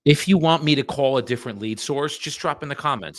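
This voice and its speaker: A real estate agent chats casually and bluntly with live-stream viewers, cursing a bit while his dialer runs. He speaks in a medium pitch, fairly quickly and with hardly any pauses, on a dry recording.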